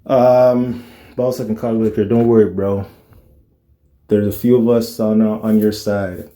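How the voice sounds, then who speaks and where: A man's voice: fairly low pitch, steady tone, measured pace, warm tone. A man reacting to a clip with casual commentary, earnest and lecturing, often asking rhetorical questions.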